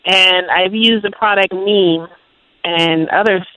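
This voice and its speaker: A woman calling in to a radio show, asking a gardening question in a hesitant, halting way. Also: mid-range voice, fairly even intonation, bright, forceful tone, dry recording, poor audio. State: frustrated. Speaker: caller.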